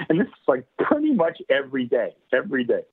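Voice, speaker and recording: Casting: husky man, chatty storyteller, thin telephone-band sound. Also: medium pitch, wildly swooping pitch, moderate pace. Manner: rambling, laughing often, many fillers. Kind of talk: casual anecdote telling. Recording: tinny phone-like radio line.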